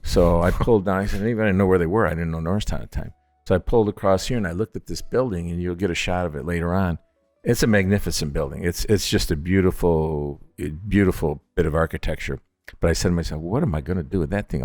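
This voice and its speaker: A middle-aged man from upstate New York runs a distillery and tells stories at it during a casual interview. He's an animated storyteller who acts out the people's voices, jumping widely in pitch for each quote.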